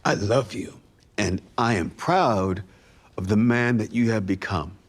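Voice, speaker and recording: An actor playing a father who speaks slowly and tenderly to his son before leaving. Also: lowish voice, breathy edge. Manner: slow, heartfelt. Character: grave father saying farewell to his son.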